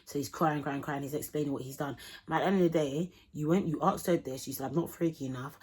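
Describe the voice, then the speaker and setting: A young woman telling a vlog storytime in animated, slangy talk, acting out the people in it. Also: sits low, fast, husky. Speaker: vlogger.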